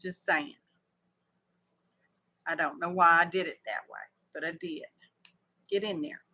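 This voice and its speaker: A woman chats through a craft livestream, thinking out loud as she works. Her voice is bright and clear, and she takes her time, drawling through relaxed, folksy asides. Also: low-pitched, unhurried. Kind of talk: casual craft livestream chat.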